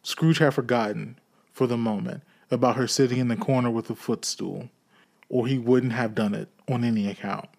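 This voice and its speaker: Man narrating a classic novel, steady measured reading, middle pitch. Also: gravelly. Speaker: audiobook reader.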